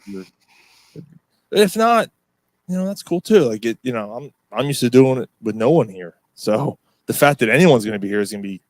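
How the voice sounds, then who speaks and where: A man's voice: mid-range voice, animated, normal speed, darkish tone, dry recording. Rambling, swearing man on a dry mic. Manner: rambling storyteller, swears often, many fillers. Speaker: podcast co-host. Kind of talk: casual pub-style chat.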